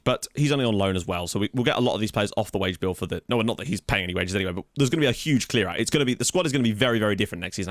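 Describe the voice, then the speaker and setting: A man's voice: on the low side, no room sound, clean studio sound. A man hosting a football management game let's play, chatting casually and thinking aloud as he reads through stats, easily amazed.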